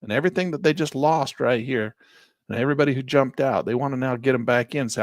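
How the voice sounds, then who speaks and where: A man's voice: medium pitch, fast talker, no room sound. A middle-aged man teaching a live trading class, narrating chart moves in a teasing, playful way. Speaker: trading instructor.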